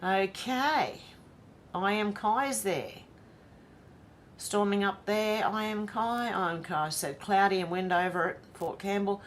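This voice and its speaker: Speaking at a measured pace in a medium pitch, this Australian livestream host reads her viewers' comments aloud and welcomes each one by name. Slight background noise is audible.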